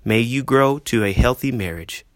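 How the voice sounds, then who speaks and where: A man's voice: mid-range voice, animated, normal speed, dry recording. A middle-aged man, a pastor hosting his own podcast, talking earnestly about marriage with frequent "uh" fillers and repeated key questions. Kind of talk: solo podcast talk on marriage.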